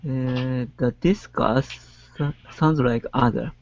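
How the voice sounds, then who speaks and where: Student voice, mid pitch, slow hesitant answers, dry dull call audio. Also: no echo. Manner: short hesitant learner answers. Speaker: language student.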